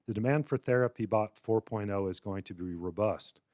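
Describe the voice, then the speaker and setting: A man's voice: on the low side, moderate pace, darkish tone, dry recording, clean studio sound, natural voice. A man voicing a polished, businesslike companion bot giving a reassuring report. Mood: smooth.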